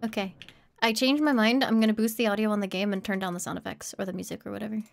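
A woman's voice: medium pitch, fairly even intonation, fast talker, creaky. A woman streamer, ill with a throat infection, casually commenting on gameplay and teasing her chat. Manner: teasing, sardonic chatter at chat.

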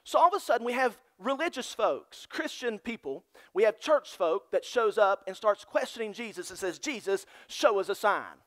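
A man's voice: high voice, big pitch swings, moderate pace, few pauses, a bit bright. A male pastor preaching a sermon, emphatic and repeating key phrases.

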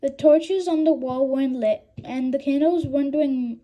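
A woman's voice: high voice, normal speed, mellow, rough recording. A woman reading a children's book aloud, hesitant, with stumbles, restarts and small hums. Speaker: reader.

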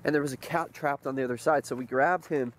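A man in his twenties talks casually to his viewers while walking outdoors, joking and wandering from one story to the next. He is recorded on a handheld camera mic in a quiet open field, and his voice sits at an ordinary mid pitch. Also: fast talker, a little hiss or hum. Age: 20s. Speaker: vlogger. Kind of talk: casual vlog chat.

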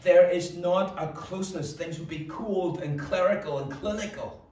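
A Northern Irish man preaches to his congregation, earnest and direct, slipping into quick acted-out asides now and then. His fairly high voice rings around a very echoey church hall, picked up from some distance away. There is a faint hum of room noise underneath. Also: dark tone, lo-fi sound. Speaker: pastor. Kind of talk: sermon.

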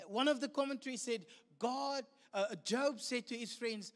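A man with a South African English accent preaching a sermon, animated, acting out the voices of the people he quotes. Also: extremely high pitch, moderate pace, few pauses. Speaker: pastor. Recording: long hall reverb.

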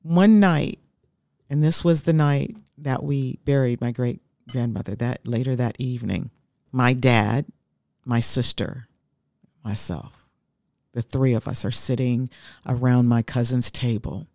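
A woman's voice: rumbling low, steady tone, a little slow, a little mellow, dry recording, studio quality. A woman in her fifties, a guest telling her life story in an interview, heartfelt and reflective.

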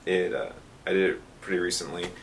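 A man, an actor, talking casually and in a soft-spoken, measured way about a favorite role. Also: low voice, fairly even intonation, vocal fry. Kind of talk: casual interview.

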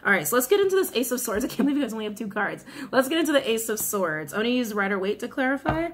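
A woman's voice: on the high side, big pitch swings, racing, very noisy. A woman giving a casual, chatty tarot reading to viewers, often repeating her questions to the cards. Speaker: tarot reader.

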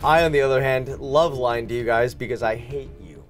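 A man's voice: medium pitch, a little fast, faint music behind. A man playing a board game, joking and teasing the other players in casual banter.

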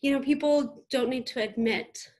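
A woman's voice: high voice, normal speed, a little mellow. A woman in her thirties giving a motivational keynote speech, emphatic and punchy, speaking straight to her audience. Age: 30s.

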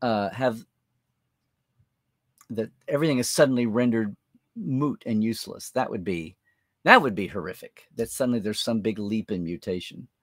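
A man's voice: on the low side, moderate pace, long pauses, a bit bright, dry recording, clean studio sound. A man hosting a live-stream chat, rambling and thinking aloud as he answers viewer comments. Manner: rambling, chatty, thinks aloud with many fillers. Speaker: host.

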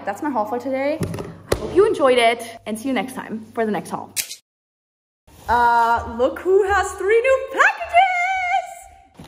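A young woman chatting casually as she unboxes books, bubbly and quick to squeal and gasp with excitement. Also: fairly high pitch, slight background noise. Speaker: book vlogger. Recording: echoey room with long reverb.

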